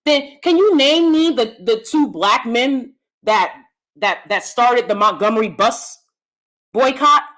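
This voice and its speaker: A woman's voice: on the high side, lively intonation, takes it slowly, fairly bright tone. An American woman giving a blunt, combative and profane commentary rant as a YouTube host. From United States. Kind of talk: ranting commentary.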